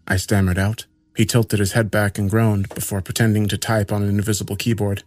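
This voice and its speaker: A man's voice: lowish voice, flat delivery, brisk, hardly any pauses, no echo, faint music behind. A man narrating a first-person horror story in a dramatic, swearing style.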